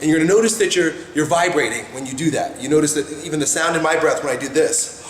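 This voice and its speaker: A man's voice: a little high, quick pace. A man coaching viewers in a casual monologue, blunt and profane, keeps asking "right?" to check they follow. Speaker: self-help vlogger. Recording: echoey room with faint noise.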